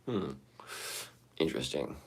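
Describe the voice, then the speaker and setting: A man talking into his phone on a loose live stream, his voice hoarse and shaky as though he sang too hard last night. He rambles, restarts his sentences, and swears casually while chatting with his viewers from the bathroom. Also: extremely low pitch, animated, unhurried. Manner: rambling, profane, talking to chat. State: hoarse, shaky voice after singing. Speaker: livestreamer. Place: sitting in a bathroom.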